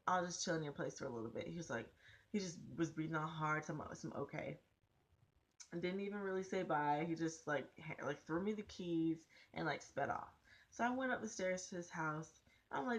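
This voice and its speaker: A young woman with a notably low voice tells a personal story straight to her camera. She is casual, blunt and profane, and she keeps the telling animated. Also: normal speed. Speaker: vlogger.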